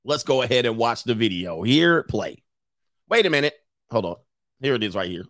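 A man streaming, reacting to a clip with loud laughing commentary and mocking quoted voices. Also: medium pitch, lively intonation, moderate pace, no room sound, studio quality.

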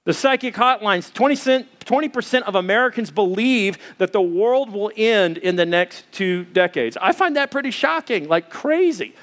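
A man in his thirties preaching a sermon as pastor, telling stories with lively voices for the people in them. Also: high voice, normal speed, few pauses. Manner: animated storytelling, acts out voices of others. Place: church auditorium with audience.

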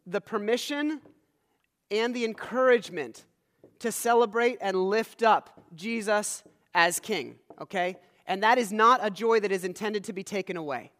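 A male pastor preaching a sermon, animated, moving between loud emphasis and soft low asides. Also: long reverb tail.

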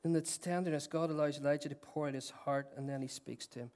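A middle-aged man preaching a sermon, earnest and swinging between loud declarations and soft, tender passages, with self-deprecating humour. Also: fairly high pitch, fairly even intonation, fast. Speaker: pastor.

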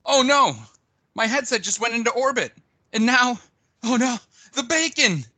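A man's voice: extremely high pitch, animated, normal speed, background noise. A man co-hosting a podcast, playing up a comedy skit with goofy, over-the-top drama. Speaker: podcast co-host.

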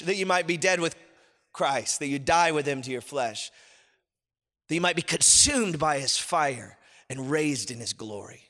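Impassioned male pastor, bright ringing voice. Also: animated, unhurried, big-room sound. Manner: swings from low murmurs to loud impassioned shouts. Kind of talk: sermon.

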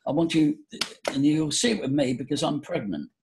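A man talking as a voice coach guest in a podcast interview, leading a breathing exercise in a theatrical, animated way. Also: normal speed, slight background noise. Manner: animated, theatrical, jumps high for emphasis.

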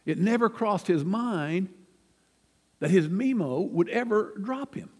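A man's voice: sits high, lively intonation, a little slow, a little mellow, in a large hall. An older man preaching a sermon, telling folksy, self-deprecating family stories from the pulpit in a church. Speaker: pastor. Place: church sanctuary.

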